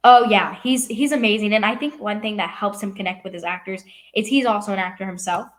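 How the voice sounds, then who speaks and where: Brisk and medium-pitched, a young Californian actress responds to interview questions as a guest, sounding youthful and casual, her answers full of "like" and "um."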